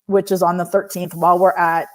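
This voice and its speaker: A woman's voice: on the low side, level tone, fairly quick, darkish tone. A woman hosting a live stream, reading oracle cards and chatting with viewers by name, laughing often. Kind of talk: casual live-stream chat.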